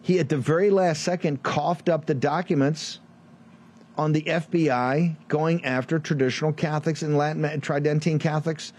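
A man's voice: fairly high pitch, steady tone, moderate pace, darkish tone, slightly rough. A man from Virginia hosting a show, delivering a combative political commentary monologue full of rhetorical questions and mocking asides. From Virginia, USA. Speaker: show host.

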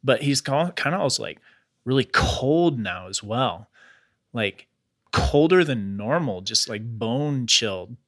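Bright-voiced man telling a story. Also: mid-range voice, unhurried, dry recording, clean studio sound. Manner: relaxed retelling with slangy asides like "bro" and "dude". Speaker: podcast host. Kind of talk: casual storytelling chat.

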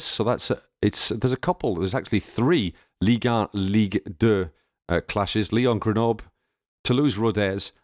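A man's voice: on the low side, no room sound, clean studio sound. A man hosting a football podcast, chatty and playful, poking fun at himself. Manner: chatty, self-mocking, playful. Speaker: podcast host. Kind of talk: casual chat.

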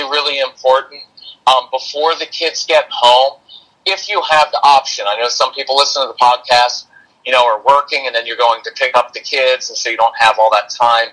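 A man talks through parenting ideas as a podcast guest, in an earnest, chatty way. His voice is bright and forward with a husky edge. Now and then he slips into quick impressions of frazzled parents. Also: medium pitch, poor audio. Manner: earnest, conversational, acts out parent and kid voices. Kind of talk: podcast conversation.

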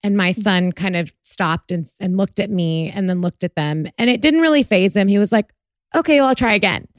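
A woman's voice: mid-range voice, normal speed, no room sound, studio quality. A woman hosting a podcast interview, telling a personal story earnestly with plenty of fillers. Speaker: podcast host. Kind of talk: conversational interview.

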